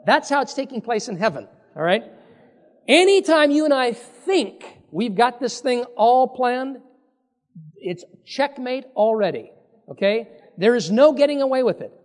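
A man preaching with a high, very lively voice that swoops up and down as he acts out the people in the passage. His words ring out into a long, echoing hall. He talks in the plain way of a pastor to his congregation. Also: a little slow. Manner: animated, acts out quoted speakers with voice changes. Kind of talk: sermon reading and explaining scripture.

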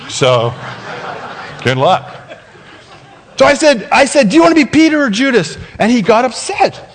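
A male pastor preaching with a high, bright voice that swoops up and down. He tells the story in a lively way and acts out each side of the conversation, laughing now and then. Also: unhurried, long pauses. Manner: animated, acts out dialogue with laughs. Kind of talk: sermon storytelling. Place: church sanctuary.

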